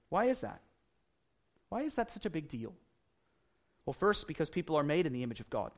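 A man with a notably high voice delivers an earnest sermon. He repeats key phrases for emphasis and presses his points with growing intensity. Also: big pitch swings, a little fast, long pauses. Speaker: pastor.

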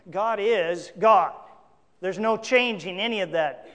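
A male pastor preaching a sermon, emphatic, with big swings between loud declarations and quiet asides. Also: high-pitched, slow pace, long reverb tail.

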